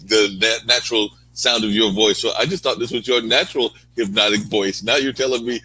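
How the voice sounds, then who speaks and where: A man's voice: lowish voice, fairly even intonation, fairly quick, sharp tone, slightly rough, no echo, low-quality recording. A male host talking casually, rambling, filling his speech with "like". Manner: rambling, lots of "like". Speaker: show host. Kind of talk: casual chat.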